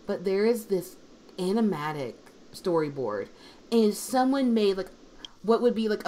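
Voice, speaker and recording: A woman's voice: mid-range voice, darkish tone, slight background noise. A woman in casual livestream chat with fellow dubbers, rambling and chatty, full of "I'm like", talking from home on an online call. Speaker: dub group member on livestream.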